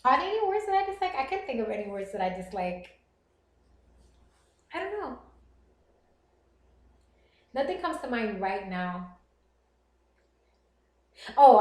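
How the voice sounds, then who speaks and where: A woman streaming live, chatting casually with viewers and reading their comments aloud, animated and quick to laugh. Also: fairly high pitch. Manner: animated, laughs often, reads chat aloud. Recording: roomy echo.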